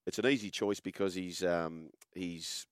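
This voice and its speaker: A man's voice: low voice, a little slow, clean tone, no echo, clean studio sound. An Australian man hosting a casual sports chat, telling a story and acting out the quotes. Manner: animated storyteller, acts out quoted voices. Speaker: host.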